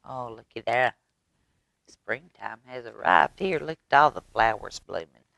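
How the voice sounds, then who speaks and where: Lady reading a kids story, slow and low, dry close sound. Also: creaky, no echo. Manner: gentle, animated storyteller asides to children. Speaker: children's librarian storyteller. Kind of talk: children's storytime read-aloud.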